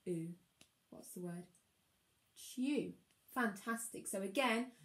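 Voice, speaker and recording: Slow, encouraging woman teacher. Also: medium pitch, roomy sound. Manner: slow, encouraging, sounding words out. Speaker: primary school teacher. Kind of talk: recorded phonics lesson for young children.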